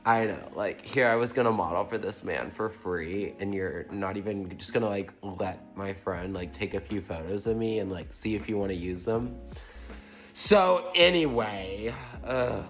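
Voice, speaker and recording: A man from Tennessee telling a storytime vlog in a chatty, animated way, with lots of "like". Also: low voice, moderate pace, hardly any pauses. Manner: chatty, animated, heavy use of "like". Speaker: vlogger. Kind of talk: casual storytime chat. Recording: roomy echo with faint music.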